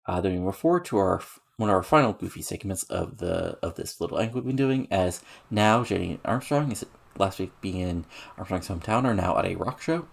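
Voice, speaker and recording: A man with a low voice narrates a game session in an easygoing, rambling way. His tone is gravelly and a little husky, and he keeps tossing in fillers as he runs through results and scores. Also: animated, fairly quick, few pauses. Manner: rambling, filler-heavy, lists match ratings. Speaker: game streamer narrating a wrestling booking sim. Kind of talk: casual let's-play narration.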